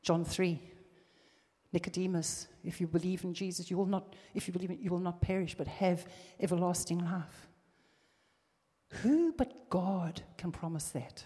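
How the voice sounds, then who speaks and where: A woman's voice: lowish voice, normal speed, dark tone, slightly rough, long reverb tail. A woman preaching a sermon, reading scripture and building to emphatic, fervent exhortation.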